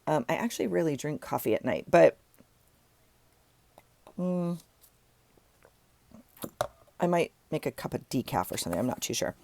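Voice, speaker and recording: With a deep, gravelly, darkish voice that is very animated, this woman vlogger talks at a moderate pace with long pauses, and there's no echo. She chats and rambles as she tidies her desk and sorts journaling supplies, often self-correcting.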